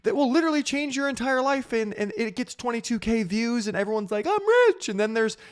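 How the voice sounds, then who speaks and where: A man's voice: extremely high pitch, steady tone, quick pace, smooth. A man hosting a casual crypto show to camera, playful and teasing, with mock-sultry asides, on a studio microphone. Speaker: host.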